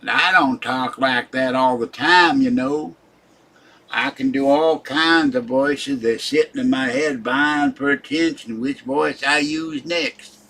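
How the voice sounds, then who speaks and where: A man's voice: medium pitch, unhurried, pushed and bright. An older man hosting a live stream, rambling and scolding his chat viewers in an irritable, complaining way. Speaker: livestream host.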